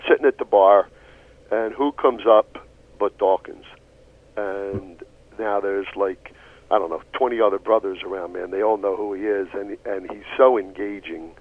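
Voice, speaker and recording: A man telling a long, animated story on a radio talk show, swearing casually as he goes. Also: fairly low pitch, normal speed. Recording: tinny phone-like radio audio.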